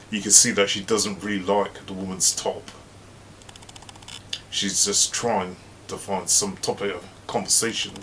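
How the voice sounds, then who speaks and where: A man's voice: deep voice, little pitch movement, a little slow, fairly bright tone, slight background noise. A man hosting his own channel, telling a story in a chatty, anecdotal way with emphatic asides. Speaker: host. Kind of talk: casual storytelling monologue.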